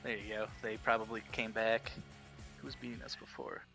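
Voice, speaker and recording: Brief: male co-host, sharp and bright tone, dry banter, faint music underneath. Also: on the low side, flat delivery, normal speed, gravelly. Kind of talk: casual chat.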